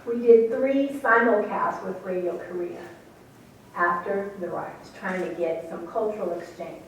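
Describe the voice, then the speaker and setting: A woman's voice: medium pitch, a little slow. Woman telling a story in an echoey hall. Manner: animated storyteller, acting out quotes, laughing. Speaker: radio station manager recounting events. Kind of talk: speaking to an audience, storytelling. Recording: echoey room from far off, faint noise.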